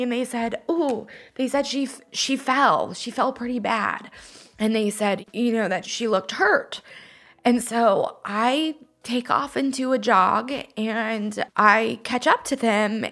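A woman's voice: a little high, creaky, a bit bright. Young woman radio host, emotional storyteller, faint music bed. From Northern California. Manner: emotional, gets choked up. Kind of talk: personal storytelling on air.

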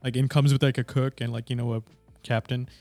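A man's voice: medium pitch, little pitch movement, brisk, a little mellow, dry recording, soft background music. A man from India talking casually with friends, laid-back and swearing now and then. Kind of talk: casual chat.

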